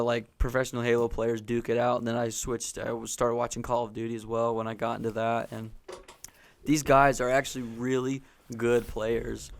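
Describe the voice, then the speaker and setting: A man chatting casually on a gaming podcast. He rambles, corrects himself mid-sentence and loops back to his point, clearly keen on video games. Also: mid-range voice. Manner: rambling, self-correcting, eager about gaming. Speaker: podcast co-host. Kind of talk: casual chat.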